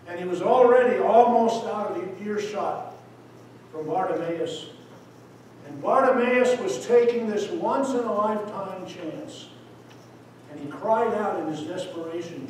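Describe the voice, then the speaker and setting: A man, a missionary preacher, giving an impassioned sermon that swings between loud appeals and hushed words. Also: high-pitched, expressive, normal speed, slight background noise. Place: church sanctuary. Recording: echoey hall, voice from far off.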